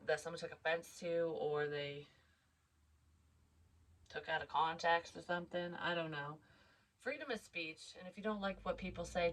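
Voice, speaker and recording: A woman's voice: lowish voice, poor audio. A young woman vlogging as a psychic medium, telling a story in a candid, rambling way and swearing freely. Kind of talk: casual storytelling monologue.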